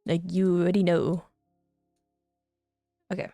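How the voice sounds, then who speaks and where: A woman's voice: lowish voice, flat delivery, unhurried, warm tone, dry recording, soft background music. A young woman streaming casually, giggly and tender, who swears offhandedly. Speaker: VTuber streamer.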